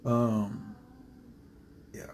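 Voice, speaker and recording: A man's voice: very slow, darkish tone, slight background noise. A man teaching astrology to his viewers in a casual live stream, speaking passionately and emphatically and driving his points home by repeating them.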